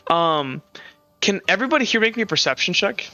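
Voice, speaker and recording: A man's voice: sits high, sing-song, brisk, sharp tone, lo-fi sound, soft background music. A man narrating as game master on a live stream, rambling and often correcting himself mid-sentence.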